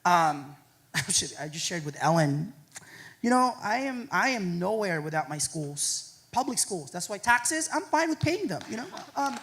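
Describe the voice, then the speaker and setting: Animated man fielding audience questions. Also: high voice, moderate pace, breathy edge. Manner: animated, joking, keeps adding "right?". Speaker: featured speaker answering audience questions. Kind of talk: public talk Q&A. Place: university lecture hall with audience.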